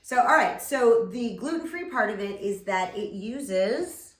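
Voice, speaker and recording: A woman's voice: medium pitch, expressive, a little slow. A woman from Chicago co-hosting a casual home cooking demo, reading the recipe aloud in a chatty, giggly way with small stumbles. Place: home kitchen. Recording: echoey kitchen with background noise.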